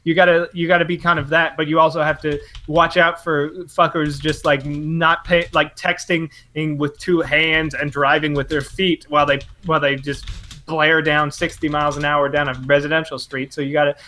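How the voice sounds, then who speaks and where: A man's voice: on the high side, flat delivery, moderate pace, sharp tone. A man hosting a podcast in casual chat, self-deprecating and rambling with many restarts and swearing. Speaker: podcast host.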